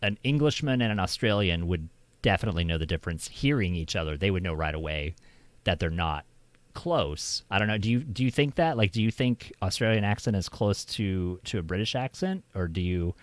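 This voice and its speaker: An American man with a low, deep voice, talking casually on his stream. He wanders through ideas with plenty of restarts, and the sound is close and dry. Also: animated, a little fast, dry recording. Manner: rambling, restarts often. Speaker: streamer host. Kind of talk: casual chat.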